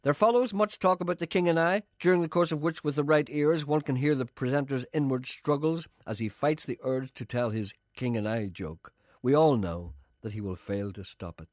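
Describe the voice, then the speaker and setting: A man's voice: medium pitch, normal speed, hardly any pauses, darkish tone, no room sound. A middle-aged man presenting radio, dry and self-mocking as he reads out listener letters. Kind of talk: wry radio chat with comic readings. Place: radio studio.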